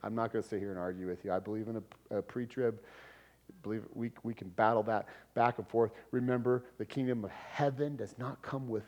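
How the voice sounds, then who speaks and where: Lively conversational male preacher. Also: on the low side, fairly quick, muffled recording. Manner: lively, conversational preaching with laughs and sudden loud emphasis. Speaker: pastor. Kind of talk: sermon.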